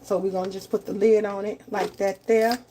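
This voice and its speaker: A woman talks her viewers through her cooking, loose and chatty, circling back to the same points and calling out "y'all". Her voice sits at a middling pitch. She is recorded on a phone camera in a home kitchen with a faint hum underneath. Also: little pitch movement, fairly quick, warm tone. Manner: chatty, repeats herself, keeps addressing viewers as y'all. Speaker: home cook livestreaming. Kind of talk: casual live cooking stream.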